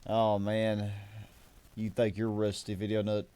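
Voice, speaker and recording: A man's voice: fairly low pitch, monotone, unhurried, dark tone, clear, resonant tone. A man hosting a game stream, chatting casually, rambling and correcting himself as he greets viewers. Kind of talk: casual gaming stream chat.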